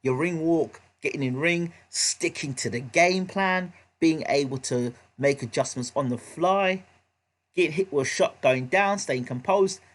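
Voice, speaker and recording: A man's voice: fairly high pitch, a little slow. A man hosting a live boxing reaction stream, emphatic and repetitive, often checking in with his audience. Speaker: vlog host.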